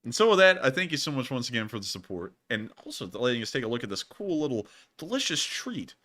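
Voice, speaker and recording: A high-voiced young man runs an informal livestream news show, teasing and joking with rapid asides. His pitch swings widely and his tone is fairly bright.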